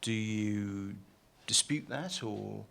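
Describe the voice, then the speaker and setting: A man's voice: fairly low pitch, takes it slowly, creaky, fairly bright tone, a little hiss or hum. A man chairing a debate panel, thanking speakers and putting questions to them. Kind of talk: moderating a debate.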